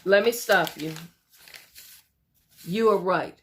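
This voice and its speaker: A woman's voice: lowish voice, takes it slowly, a little hiss or hum. A woman voicing an adult husband who confronts his wife, stammering through indignant questions. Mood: blunt.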